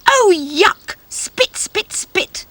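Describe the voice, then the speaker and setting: A woman voicing shrill snooty garden lilies. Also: lively intonation, very slow, a bit bright, a little hiss or hum, exaggerated voice. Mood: haughty. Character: haughty proud female garden lilies.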